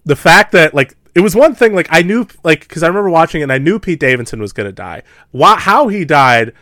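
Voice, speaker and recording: An animated man in casual podcast chat, talking quickly in a mid-range voice and laughing often. The sound is close and dry. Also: on the high side, no echo. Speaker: podcast co-host. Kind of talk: casual movie discussion.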